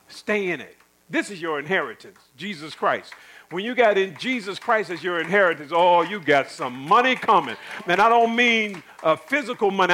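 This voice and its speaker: A man's voice: high-pitched, pushed and bright, rough recording. A middle-aged man preaching a sermon in an emphatic, repetitive way, with folksy asides.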